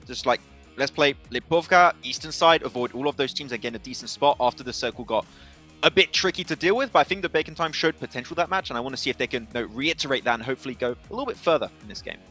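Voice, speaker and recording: A man's voice: medium pitch, animated, quick pace, sharp tone, faint music behind. A man giving analyst desk commentary on an esports match.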